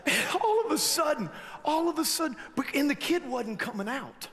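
A man's voice: extremely high pitch, moderate pace. A man preaching a sermon, telling a story with lots of restarts and rising energy. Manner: animated storytelling with frequent restarts. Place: large church hall. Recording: long hall reverb, faint noise.

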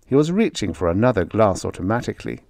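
A man's voice: on the low side, big pitch swings, quick pace, darkish tone, no echo. A man narrating a vintage science fiction short story as an audiobook.

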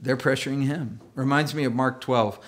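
A male pastor gives a sermon in an animated, chatty storytelling way and acts out quoted voices. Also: mid-range voice, moderate pace. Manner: chatty, full of fillers and restarts.

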